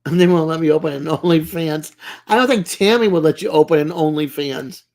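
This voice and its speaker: In a casual home livestream, a woman with a low-sitting, darkish voice talks fairly quickly. As host, she's giggly and teasing, greeting her live viewers by name in easygoing chat.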